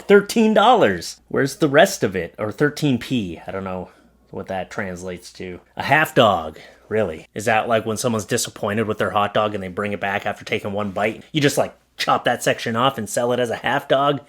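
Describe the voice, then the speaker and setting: A man's voice: medium pitch, fairly bright tone. A man in his thirties giving jokey, sarcastic commentary on bad advertising signs, talking straight to viewers. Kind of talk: comedic commentary on funny signs.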